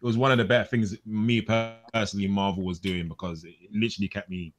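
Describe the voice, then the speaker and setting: A young man co-hosting a casual chat, retelling a story in a rambling, animated way. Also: on the low side, a little fast. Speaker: co-host of a comic podcast.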